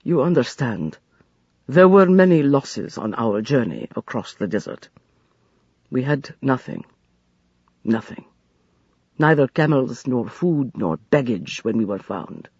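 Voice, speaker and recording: A man voicing a grave, gentle desert traveler who speaks slowly and solemnly in an audiobook. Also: mid-range voice, big pitch swings, slightly rough, no room sound, highs cut off, exaggerated voice. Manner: slow and solemn, soft-spoken. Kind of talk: audiobook character voice.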